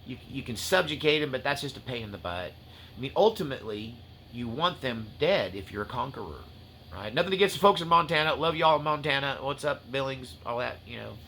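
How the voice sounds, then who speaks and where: A man preaches spiritual warfare in a bright, forceful voice, building to fierce, tearful passion and easing into folksy jokes. A faint hiss of noise sits under the recording. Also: medium pitch, lively intonation, a little fast, gravelly. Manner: impassioned, rising to near-shouts and tearful intensity, then joking asides. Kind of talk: fiery spiritual-warfare teaching.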